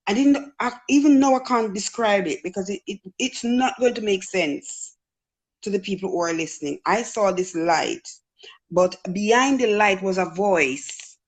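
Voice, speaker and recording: Jamaican woman telling her story. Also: medium pitch. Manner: earnest storytelling, acts out quoted voices. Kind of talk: casual testimony.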